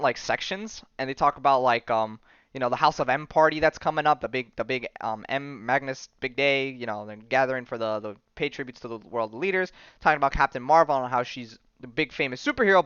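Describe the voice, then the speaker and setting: Chatty man recapping comics, smooth voice. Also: mid-range voice, lively intonation, brisk, fairly bright tone, dry recording, lo-fi sound. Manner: rambling, laughing, acts out characters' lines. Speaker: podcast host. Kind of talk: casual comic book recap chat.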